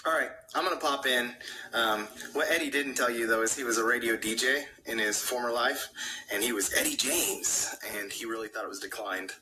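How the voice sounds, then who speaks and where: A man hosts a casual talk show with a very bright, crisp tone. He keeps things upbeat, dropping ums as he moves the chat along. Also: medium pitch, fairly quick, low-quality recording. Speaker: podcast host.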